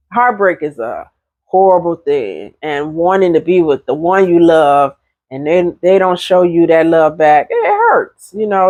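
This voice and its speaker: A middle-aged woman talking casually to her viewers, giving relationship advice in a chatty, animated way. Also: lowish voice, no room sound, studio quality. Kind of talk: casual talk to camera.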